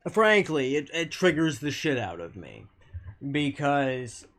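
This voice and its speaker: A man streaming from home, arguing with his chat in a blunt, loose way. He swears freely and restarts his sentences. His pitch moves up and down a lot as he argues. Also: fairly bright tone. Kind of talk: casual live-stream chat.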